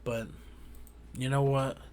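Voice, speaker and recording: A man with a drawl delivering a heated, profane ranting monologue as a vlogger, swinging between loud outbursts and quiet asides. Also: medium pitch, flat delivery, takes it slowly.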